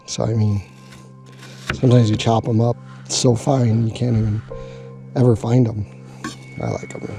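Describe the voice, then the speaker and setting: A man with a low, gravelly voice cooks at an outdoor camp spot for his vlog. He chats casually, cracks jokes and talks to himself while working.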